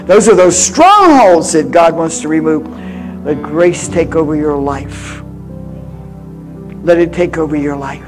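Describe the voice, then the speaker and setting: A woman in her eighties preaching a sermon with personal stories, swinging from loud exhortation to hushed confiding. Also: deep voice, a little slow, soft background music. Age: 80s.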